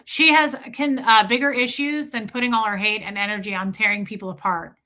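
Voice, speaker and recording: With a medium-pitched, steady voice that's a little fast and sharp, this middle-aged livestream host keeps things casual. Her talk is blunt, defiant, and full of swearing.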